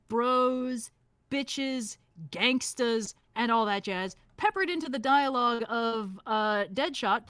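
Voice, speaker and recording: Woman on a stream cracking sarcastic jokes, laughs a lot, bright voice. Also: on the high side, no echo. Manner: sarcastic, laughs often, many fillers. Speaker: co-host of a streamed gameplay talk. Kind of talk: casual chat on a livestream.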